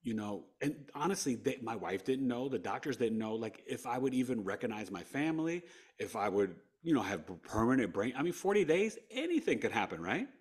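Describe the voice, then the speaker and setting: A man from New York with a New York accent, a podcast guest telling his story in an animated way, acting out quotes and often laughing. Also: medium pitch, brisk, breathy edge.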